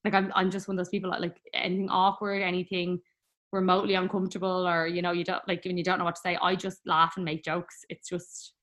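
A woman's voice: lowish voice, little pitch movement, fast, a bit bright. Chatty young Irish woman telling a story. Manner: chatty, laughs often, lots of "like" fillers. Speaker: guest. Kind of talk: casual storytelling interview.

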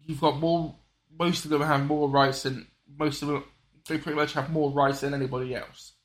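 A man's voice: on the high side, little pitch movement, normal speed. Rambling man in casual chat. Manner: rambling, restarts sentences, apologetic asides.

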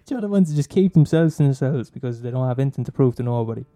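A man's voice: medium pitch, fast, few pauses, warm tone. An Irish man hosting a podcast, rambling in a casual monologue, swearing, laughing and teasing his listeners. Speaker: podcast host recommending films.

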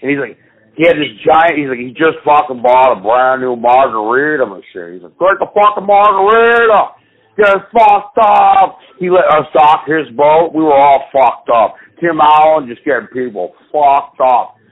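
A man's voice: mid-range voice, moderate pace. A man telling rambling, profane stories in a casual chat with friends. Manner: swearing, rambling storyteller. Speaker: podcast co-host. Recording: tinny phone-like sound.

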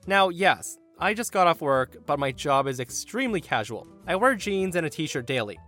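A man hosting a podcast, reading revenge stories aloud with sarcastic, animated delivery. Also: a little high, moderate pace, faint music behind. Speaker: podcast host.

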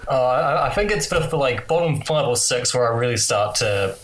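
A man co-hosting a casual film-ranking chat, hesitant and stammering, often pausing with "uh". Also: mid-range voice, expressive, a bit bright, poor audio. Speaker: podcast co-host.

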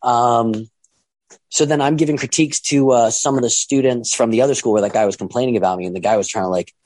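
Recorded with a dry, close sound and no room noise, a middle-aged man who promotes and trains wrestlers spins a casual storytelling monologue. He talks fast in a medium-pitched, slightly mellow voice, rambling and performing the quoted voices.

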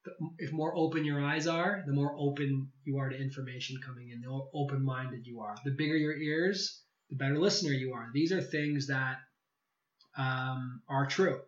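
A man being interviewed, telling a personal story in a casual, animated way and acting out quoted dialogue. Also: mid-range voice, normal speed. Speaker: podcast guest. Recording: echoey room, slightly dull sound.

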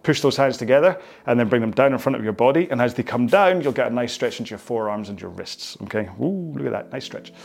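A Scottish fitness instructor leads a stretching session indoors on the floor, rambling, self-mocking, laughing often and wandering onto tangents. His mid-range voice is expressive, creaky and darkish, and he talks fast with hardly any pauses.

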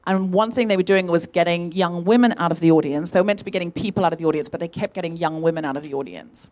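A woman's voice: lowish voice, quick pace. Woman telling a story on a live stage. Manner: animated storyteller, acts out quoted voices. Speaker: podcast co-host. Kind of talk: live comedy podcast storytelling.

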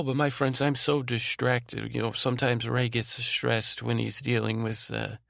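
A man's voice: mid-range voice, gravelly, fairly bright tone, dry recording, studio quality. A man playing Ray, a tenderhearted man who rambles and stumbles over his words in a bedtime monologue. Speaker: podcast host in character.

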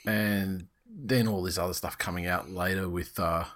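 A man's voice: sits low, fairly even intonation, normal speed, a bit bright. A man hosting a casual sports podcast, rambling, swearing and laughing often. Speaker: podcast host.

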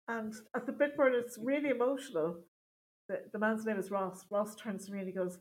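A middle-aged Irish woman, a stand-up comedian chatting in an interview, self-mocking and quick to laugh. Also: on the high side, animated, low-quality recording. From Ireland. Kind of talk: casual interview chat.

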